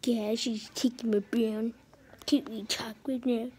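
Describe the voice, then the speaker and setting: High voiced girl rambling into her camera, slow and giggly, faint hiss behind. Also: little pitch movement, warm tone. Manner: rambling, giggly, restarts often. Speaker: vlogger. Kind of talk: casual home vlog.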